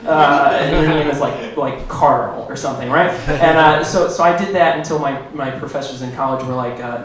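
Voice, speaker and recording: A man in his thirties from Illinois doing a stand-up set, rambling and self-deprecating with halting fillers, recorded in a roomy club from far off with an audience. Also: mid-range voice. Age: 30s. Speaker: stand-up comedian. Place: small comedy club stage.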